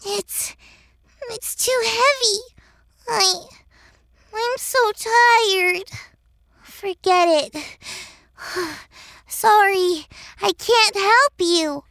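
A woman playing a timid little storybook mouse, squeaky, high, unhurried. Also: no echo, studio quality, heavily acted. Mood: tired. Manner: squeaky, soft, hesitant. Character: tiny timid male mouse, kindly but weak.

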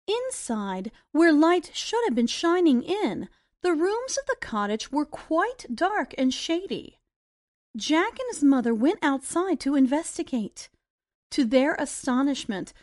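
A woman narrating a children's storybook in a deliberate, expressive way. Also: high voice.

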